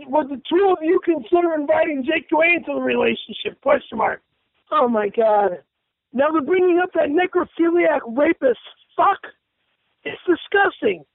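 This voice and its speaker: A man's voice: very high-pitched, dry recording. A man ranting in a furious, profane, stammering way as he reads out posts on a comic radio call. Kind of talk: angry comic radio rant. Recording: tinny phone line on radio.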